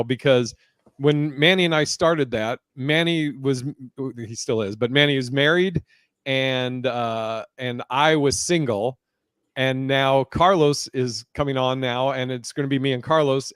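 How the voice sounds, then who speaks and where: A man in his thirties hosting a casual podcast, telling stand-up stories in a lively, swearing, laughing way. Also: medium pitch, clean tone, no room sound. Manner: animated storyteller, swears freely, laughs a lot. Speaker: podcast host and comedian. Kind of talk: casual podcast chat, storytelling.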